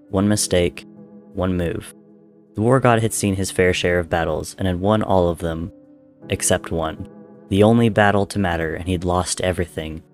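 A man narrating a dark dramatic story in a measured, intense reading. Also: low voice.

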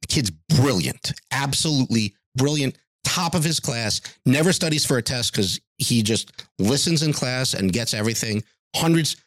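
A man's voice: medium pitch, animated, moderate pace, dry recording, studio quality. A middle-aged man, a music teacher, telling stories in a podcast interview and acting out the voices of people he quotes.

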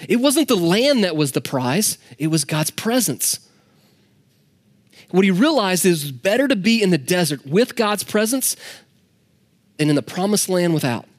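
Candid, conversational preacher man, fairly high voice. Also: very animated, moderate pace, pauses often. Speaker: pastor. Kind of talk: sermon.

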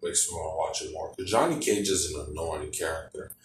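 A man's voice: a bass voice, fairly quick. A man in casual chat, asking short, laid-back questions and giving brief replies. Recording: echoey room, far from mic, faint noise.

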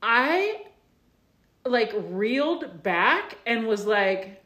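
A woman's voice: mid-range voice, lively intonation, slow, a bit bright. A woman co-hosting a podcast, telling a personal story in a rambling, reflective way with lots of fillers. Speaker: podcast co-host. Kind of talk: casual chat.

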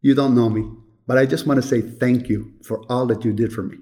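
A man voicing a small boy with a Spanish accent, who speaks softly and earnestly to a stranger in heaven. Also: mid-range voice, fairly even intonation, fairly quick, close to an everyday voice.

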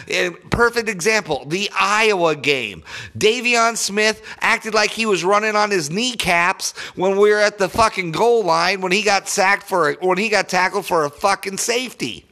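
Profane, sharp-voiced young man ranting. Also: sits high. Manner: annoyed, profane, sarcastic. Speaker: sports podcaster. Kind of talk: profane fan rant.

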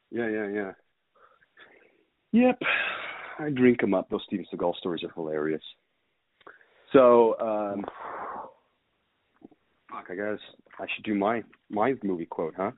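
A man's voice: fairly low pitch, big pitch swings, normal speed, pauses often. A man casually telling a rambling story, swearing freely and stumbling over details. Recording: dry phone-like sound.

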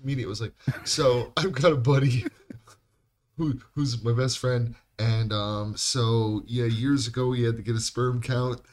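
A man co-hosting a podcast who jokes around, swears casually and chimes in quickly. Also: mid-range voice, flat delivery, darkish tone. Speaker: podcast co-host. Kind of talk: casual storytelling chat.

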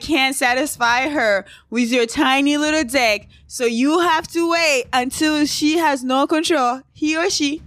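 A woman's voice: sits high, a bit bright, dry recording. Blunt, outspoken woman podcaster. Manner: blunt, outraged, laughing often. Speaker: podcast host. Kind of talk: casual solo podcast monologue.

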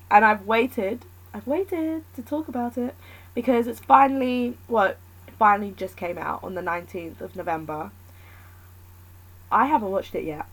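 A woman's voice: a little high, rough recording. A woman talking alone in a casual, candid chat, thinking aloud and rambling between points.

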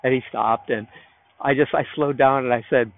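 A man's voice: mid-range voice, fairly even intonation, normal speed. Rambling man on a phone-like line. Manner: loose storytelling, rambling and reflective. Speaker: podcast host. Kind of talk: rambling solo podcast monologue. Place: outdoors in a park. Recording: narrow phone-like sound.

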